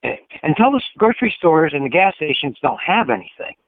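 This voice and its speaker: A man calling into a show, a former truck driver who speaks hesitantly with many pauses. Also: fairly high pitch, very animated, no room sound. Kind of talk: phone-in conversation. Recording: tinny phone line.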